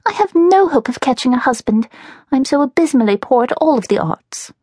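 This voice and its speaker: A woman voicing an excitable, dramatic young woman in an audiobook, speaking high and breathless with sighs. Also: brisk, husky, dry recording, clean studio sound. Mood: despairing. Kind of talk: audiobook character voice.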